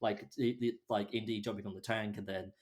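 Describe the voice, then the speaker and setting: A man's voice: lowish voice, level tone, brisk, a little mellow. A young man hosting a podcast, chatting casually about films with many restarts and fillers. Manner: rambling, many restarts and fillers, laughs often. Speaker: podcast host. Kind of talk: casual film chat.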